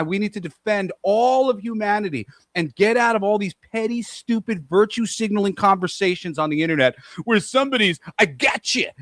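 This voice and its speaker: A man's voice: sits high, a bit bright, no room sound. A man co-hosting a podcast, ranting emphatically with lots of profanity. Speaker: podcast co-host. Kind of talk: heated casual podcast rant.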